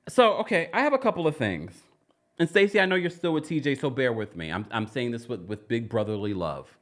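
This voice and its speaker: A man giving casual, sassy recap commentary as host, jumping up in pitch and laughing as he talks.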